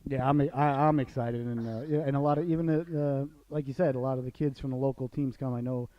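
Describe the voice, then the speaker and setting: Rambling Long Island radio host. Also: male voice, mid-range voice, steady tone, a little fast, dry recording. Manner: rambling, full of "you know" fillers. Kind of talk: casual radio chat. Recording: dull, dry lo-fi audio.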